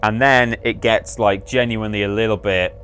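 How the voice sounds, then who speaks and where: A man's voice: on the low side, fairly even intonation, normal speed, a bit bright, a little hiss or hum. A man chatting amusedly as he plays through a game on a livestream, rambling and correcting himself. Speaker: livestream host playing a game. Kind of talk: casual gameplay commentary. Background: faint game music.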